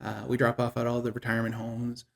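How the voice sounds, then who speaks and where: A man, a guest on an interview show, talking about his trips in an easygoing, unhurried way. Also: mid-range voice, monotone, creaky. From Ontario, Canada. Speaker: guest, magazine managing editor. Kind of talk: casual interview chat.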